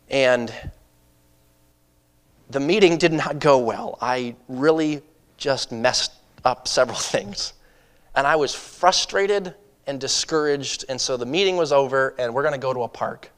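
A male preacher giving a sermon, swinging from impassioned urging to hushed personal storytelling. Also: moderate pace, pauses often, in a large hall. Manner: impassioned, rising in pitch and volume to urge; hushed and confessional when telling stories.

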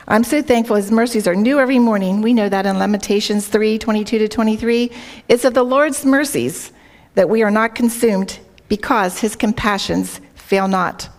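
At a medium pitch and normal speed, a woman gives an earnest devotional talk to a women's group. She tells a story, reads scripture, and often asks her listeners questions, using a worn microphone.

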